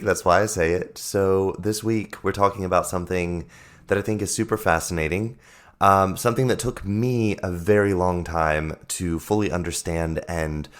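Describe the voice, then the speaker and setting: A podcast host and life coach with a deep voice talks solo, hoarse because he's losing his voice. He explains his ideas earnestly, repeating points for emphasis.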